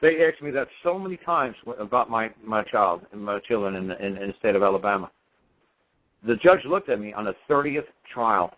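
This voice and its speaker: A man's voice: lowish voice, lively intonation, a little fast. A man telling a personal story on talk radio in a defiant, emphatic, repetitive way. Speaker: radio show guest speaker. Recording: tinny phone-line radio sound.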